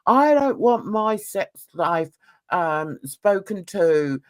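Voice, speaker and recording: A woman's voice: on the low side, very animated, takes it slowly. A woman mimicking a pompous, huffy husband. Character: smug, pompous young husband scolding his wife.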